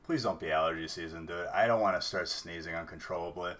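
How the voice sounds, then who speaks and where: A man's voice: sits low, fast, a bit bright. A man hosting a card-break livestream, rambling in casual chat and saying "dude" a lot.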